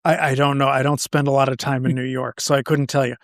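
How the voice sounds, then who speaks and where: A man's voice: mid-range voice, level tone, fast, no room sound. A man co-hosting a casual chat, dry and skeptical, teasing his partner. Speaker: podcast co-host.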